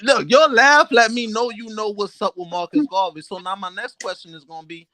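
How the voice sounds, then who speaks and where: A man's voice: high voice, fairly quick, pushed and bright, no room sound. A man co-hosting a casual online panel, pressing a guest with pointed questions. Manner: challenging, questioning. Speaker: panel co-host.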